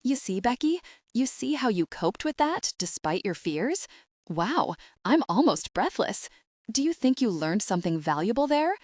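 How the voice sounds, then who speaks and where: A woman's voice: fairly high pitch, big pitch swings, moderate pace, a little mellow, dry recording, studio quality, voice pushed up. A woman voicing a firm, bossy female antenatal teacher in an audiobook. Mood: pointed. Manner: firm, instructive.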